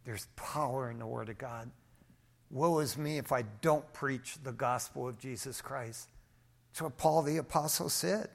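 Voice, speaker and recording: Preaching man, swinging from hushed to loud. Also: fairly high pitch, vocal fry. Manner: preaching with big swings in volume, from hushed to emphatic; telling everyday stories with light humor. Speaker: pastor. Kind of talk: sermon.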